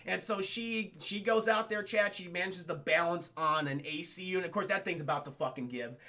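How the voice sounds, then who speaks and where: A man's voice: high-pitched, brisk, pushed and bright. A young man streaming a casual, profane film recap, constantly talking to his chat. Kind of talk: casual livestream commentary.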